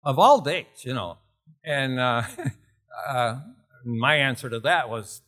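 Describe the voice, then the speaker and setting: Older male preacher, bright tone, lively storyteller who laughs and shouts now and then. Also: mid-range voice, slow pace, pauses often. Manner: animated, laughs often, jumps to shouting. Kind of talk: storytelling sermon.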